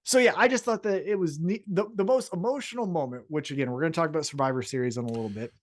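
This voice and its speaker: A man co-hosting a podcast in casual chat, animated but pausing on fillers. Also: fairly high pitch. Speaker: podcast co-host.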